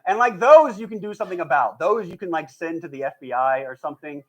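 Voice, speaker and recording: Before a live audience, a man with a slightly high voice and a quick pace tells stand-up stories full of energy. He plays out the characters' voices and laughs at his own gags.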